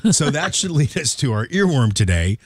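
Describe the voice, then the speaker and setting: Man, radio host, lively swooping pitch, dry close studio sound, jokey ranting banter. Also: brisk, slightly rough, dry recording. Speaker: radio morning show host. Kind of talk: casual on-air banter. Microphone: studio microphone.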